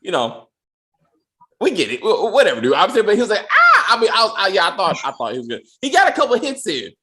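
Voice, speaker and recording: A man chatting through a TV episode review with a slightly high, very lively voice. He laughs often and breaks into quick impressions of the characters. Loose, unscripted and playful. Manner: animated, laughing, acts out characters' lines in voices. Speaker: show host. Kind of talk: casual TV episode review chat.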